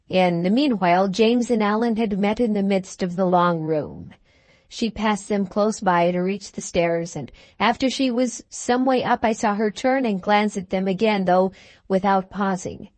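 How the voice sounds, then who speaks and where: A woman narrating an audiobook in a slow, deliberate reading. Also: medium pitch, darkish tone, no echo.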